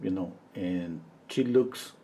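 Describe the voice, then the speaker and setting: A man's voice: deep voice, slow pace. Rambling fifty-something male painter. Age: 50s. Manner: rambling, animated storytelling full of "you know". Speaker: portrait painter. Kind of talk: casual livestream chat while painting.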